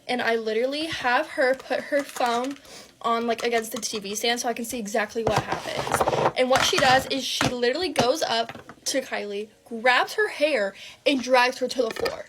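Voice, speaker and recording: A woman's voice: a little high, normal speed, noisy background. A young woman telling a dramatic personal story in a breathless, gossipy way, swearing freely.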